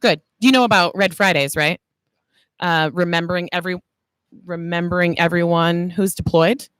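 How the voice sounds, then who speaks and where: A woman's voice: fairly low pitch, steady tone, moderate pace, fairly bright tone, clean tone, no echo. A woman chatting casually with a host outside a movie theater, friendly and earnest. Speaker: interviewee. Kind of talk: casual chat.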